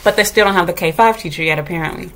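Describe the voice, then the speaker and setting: This kindergarten teacher talks very fast, her voice on the low side and a bit bright. Venting casually to viewers, she swears freely, stays blunt and sassy, and acts out the lines other people said.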